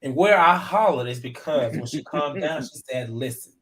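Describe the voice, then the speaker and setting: A man hosting a live panel, casually recapping a reality episode, animated and often laughing as he acts out what people said. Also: on the high side, moderate pace. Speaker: show host recapping episode.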